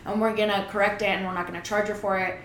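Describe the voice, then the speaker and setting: A young woman, telling stories in a loud, animated way and mixing English and Spanish in casual chat. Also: mid-range voice, very fast, echoey room, a little hiss or hum, low-quality recording.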